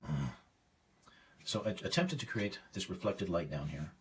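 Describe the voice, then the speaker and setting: A man's voice: low-pitched, lively intonation, unhurried, recorded from a distance, a little hiss or hum. A man teaching a painting demonstration, thinking aloud as he works, casual and self-critical with hesitant fillers. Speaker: art teacher.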